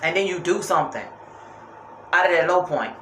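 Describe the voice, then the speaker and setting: A woman's voice: lowish voice, animated, moderate pace, bright, forceful tone, slight background noise. A young woman at home giving an earnest, rambling faith talk, repeating phrases for emphasis. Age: young adult. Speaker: faith vlogger. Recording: roomy with faint ambience.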